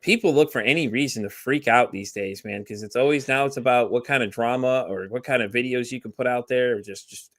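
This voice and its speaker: Fast-talking rambling man from Texas. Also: medium pitch, fairly bright tone, no room sound, studio quality. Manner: fast, rambling storyteller who acts out quoted dialogue. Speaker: podcast guest. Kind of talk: casual chat.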